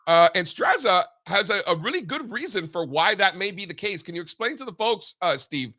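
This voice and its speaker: A man co-hosting a casual market talk show over a video call, animated and joking, with lots of fillers. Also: high voice, a little fast.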